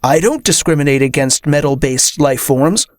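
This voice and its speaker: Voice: mid-range voice, normal speed, no echo, natural voice. A reader voicing an affable, bewildered man who has lost his memory. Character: confused amnesiac man, affable.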